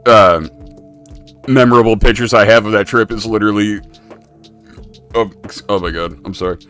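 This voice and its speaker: A male host tells a story, acting out the voices of the people in it. His voice sits very low. Faint music runs in the background. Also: moderate pace. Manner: animated storyteller, acts out voices. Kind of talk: casual storytelling chat.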